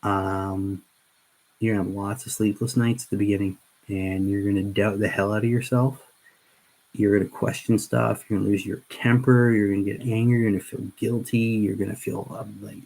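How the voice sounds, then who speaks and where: A middle-aged man chats through a livestream as he paints miniatures, his voice sitting a little low. He rambles earnestly, often restarting his sentences, and talks straight to his viewers. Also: fairly even intonation, normal speed, gravelly, a little mellow, poor audio. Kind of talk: casual livestream chat.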